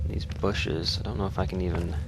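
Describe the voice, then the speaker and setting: Deep-voiced man narrating gameplay casually. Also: fairly even intonation, brisk, background noise. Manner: easygoing, rambling, self-correcting. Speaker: let's play host.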